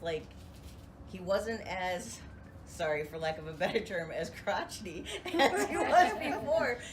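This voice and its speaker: A woman's voice: on the low side, distant mic, background noise. A woman sharing a family memory in a casual, laughing storytelling style. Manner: laughing, animated retelling.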